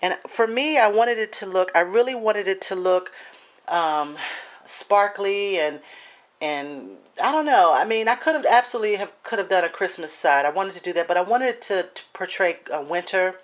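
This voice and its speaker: A woman's voice: medium pitch, animated, moderate pace. A woman chatting her way through a handmade craft project with many fillers and restarts, now and then apologetic. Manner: gets emotional and apologetic. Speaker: crafter showing a swap project. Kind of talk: casual show-and-tell craft video.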